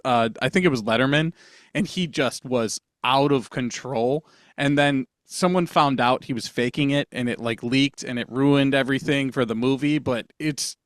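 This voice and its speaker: A man hosting a casual podcast chat, relaxed, laughing often and trailing off with fillers. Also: mid-range voice, no room sound, clean studio sound. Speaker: podcast host.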